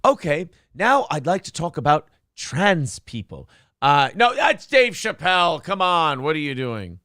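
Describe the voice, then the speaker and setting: Male podcast host, lively pitch, dry close sound, jokey mock comedian bits. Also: measured pace, no room sound. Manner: mock stand-up impressions, laughing often. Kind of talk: casual comedic chat.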